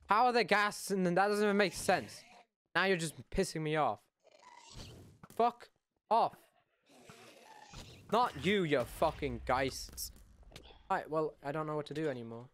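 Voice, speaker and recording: A young man in his late teens giving casual gameplay commentary, swearing a lot and swinging between loud outbursts and mumbled asides. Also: a little high, animated, measured pace, pauses often, clear, resonant tone. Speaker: gaming YouTuber.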